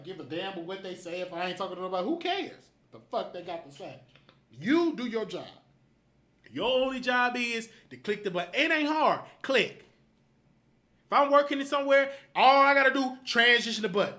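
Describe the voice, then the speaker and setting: Angry high-voiced man scolding his crew. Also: bright, forceful tone. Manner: angry, scolding, profane rant; repetitive, emphatic commands. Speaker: show host. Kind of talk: livestream rant at his producer.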